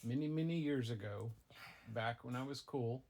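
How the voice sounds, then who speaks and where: Gravelly father spinning a goofy tall tale. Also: medium pitch, normal speed. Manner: rambling, goofy, deadpan asides. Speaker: father telling a bedtime-style story. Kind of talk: improvised tall tale for his child.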